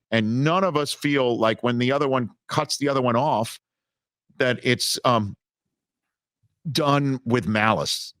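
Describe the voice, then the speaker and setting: Male broadcaster, interview guest, mid-range voice, animated storyteller, dry close mic. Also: mid-range voice, no echo. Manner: animated storyteller with many restarts. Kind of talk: casual interview talk.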